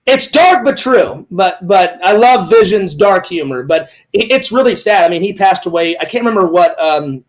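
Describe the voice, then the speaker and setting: A man's voice: high voice, expressive, normal speed, few pauses, rough recording. A man hosting a casual interview, rambling through personal stories and acting out what others said, often repeating himself. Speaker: host. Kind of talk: casual chat.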